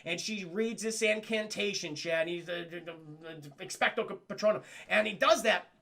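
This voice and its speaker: A young man casually retelling a cartoon episode to his live chat, animated and profane, jumping up and down in pitch when he quotes the characters. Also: unhurried, vocal fry. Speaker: cartoon reviewer streaming to chat.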